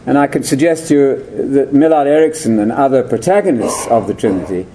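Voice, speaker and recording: A man's voice: mid-range voice, fairly quick, dark tone, slight background noise. An older man giving a theological lecture, digressive and full of rhetorical questions.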